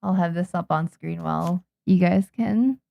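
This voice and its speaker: A young Japanese woman, a manga artist, chatting casually on a livestream while she draws, muttering and calming herself down. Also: fairly low pitch, moderate pace, vocal fry, muffled recording. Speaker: manga artist streaming her drawing.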